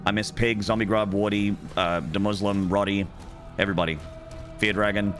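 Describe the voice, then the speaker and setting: A man's voice: fairly low pitch, fairly even intonation, moderate pace, fairly bright tone, faint music behind. A man livestreaming a game, chatting in a rambling, self-interrupting, playful way with his viewers. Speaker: streamer. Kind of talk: gaming livestream chat.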